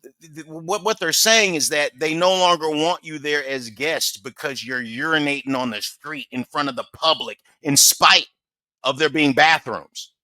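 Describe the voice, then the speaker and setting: Man, high voice, bright and sharp, sarcastic commentary, dry close sound. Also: moderate pace, no room sound. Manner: sarcastic, mocking. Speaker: reaction channel host. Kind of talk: casual commentary.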